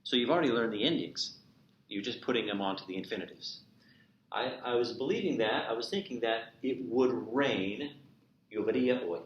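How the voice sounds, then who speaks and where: A man's voice: mid-range voice, lively intonation, lo-fi sound. Man teaching Spanish in an echoey room. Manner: explains slowly, repeats Spanish examples. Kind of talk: recorded remote lecture. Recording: echoey room with faint noise.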